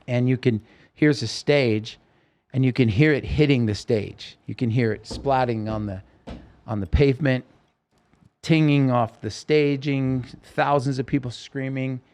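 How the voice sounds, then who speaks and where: A man's voice: medium pitch, a little slow, darkish tone. Man intensely retelling a harrowing story. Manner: vivid, intense storytelling with quoted dialogue. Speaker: podcast guest. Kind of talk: personal story told in an interview.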